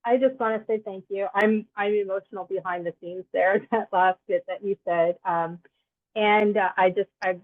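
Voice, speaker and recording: A woman guest on a podcast, speaking in a halting, grateful way with many restarts. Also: medium pitch, fairly even intonation. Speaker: guest, nonprofit co-founder. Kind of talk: interview answer. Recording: tinny phone-like line.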